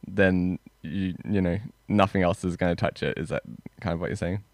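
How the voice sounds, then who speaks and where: A man's voice: low voice, moderate pace, no echo. A man co-hosting a podcast, asking curious questions in casual chat and swearing casually. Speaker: podcast co-host.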